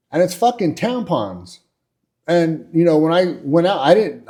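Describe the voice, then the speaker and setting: A man's voice: a little high, mellow. A man, hosting and telling workplace stories in a blunt, profane, casual monologue full of fillers. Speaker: podcast host.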